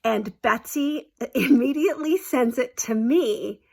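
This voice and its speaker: A woman's voice: fairly high pitch, slow, gravelly. A woman telling a story from her teaching days in a chatty, exaggerating way, full of fillers. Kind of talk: casual storytelling.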